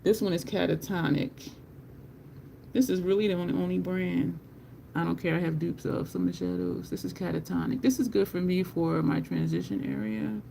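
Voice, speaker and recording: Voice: medium pitch, creaky, mellow, a little hiss or hum. A beauty live-streamer in casual, chatty talk with viewers while swatching makeup, laughing often.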